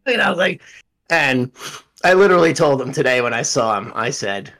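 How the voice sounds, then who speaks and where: Animated man telling sports stories. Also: medium pitch, moderate pace, gravelly. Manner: animated storytelling, swears freely. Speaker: podcast co-host. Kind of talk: casual sports chat.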